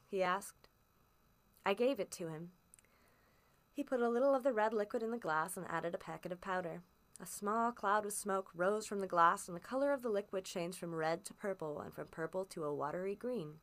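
A woman reading a classic story aloud as a first-person narrator, steady and expressive in emphasis. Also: medium pitch, normal speed. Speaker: audiobook reader.

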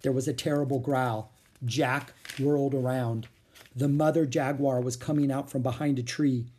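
A man reading a children's chapter book aloud as a storyteller, with expressive, animated delivery. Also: medium pitch, normal speed, slight background noise.

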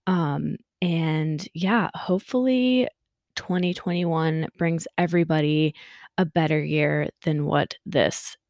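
A young woman chatting loosely from her bed as a podcast host, full of ums and wry asides. Her voice sits on the low side, and the recording is close and dry with no room sound. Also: a little mellow, no room sound. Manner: chatty, self-deprecating, lots of fillers. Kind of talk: casual solo chat. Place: bedroom, sitting in bed.

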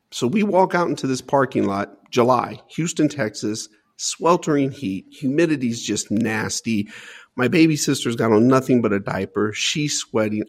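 A man as an interview guest, earnestly telling a personal story and often repeating words as he searches for them. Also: mid-range voice.

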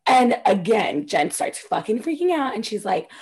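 Woman co-host, fairly high husky voice, animated gossip recap, swears freely. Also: moderate pace. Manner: animated, swearing, acts out quotes with loud squeals. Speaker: podcast co-host recapping reality TV. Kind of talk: casual chat.

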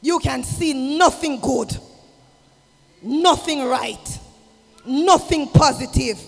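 A man preaching an impassioned sermon, swinging from shouted exhortation to low, intimate asides. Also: takes it slowly, creaky. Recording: long hall reverb with music behind.

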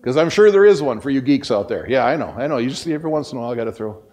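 A man's voice: mid-range voice, lively intonation, rapid-fire, darkish tone. Folksy rambling male pastor. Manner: folksy, self-deprecating, rambling with restarts. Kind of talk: conversational sermon with storytelling. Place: church sanctuary.

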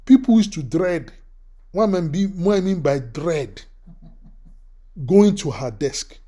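A man preaching a sermon, telling a personal story in an animated way, often repeating his words. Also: a little high, slow. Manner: animated, repeats words, acts out quoted voices.

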